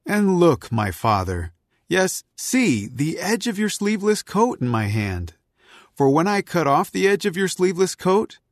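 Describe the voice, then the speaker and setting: An actor playing an earnest young warrior-leader who pleads passionately in a dramatized scripture reading. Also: male voice, fairly high pitch, dry recording, studio quality, full character voice.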